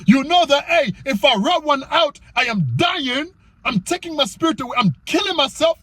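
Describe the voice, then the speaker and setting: A man giving an emphatic, preachy motivational talk to his viewers about self-control, reading scripture slowly and often asking "you know what I'm saying?". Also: very high-pitched, animated, fairly bright tone, dry recording. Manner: reads scripture aloud slowly in old-style wording. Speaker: YouTuber giving faith-based self-control advice.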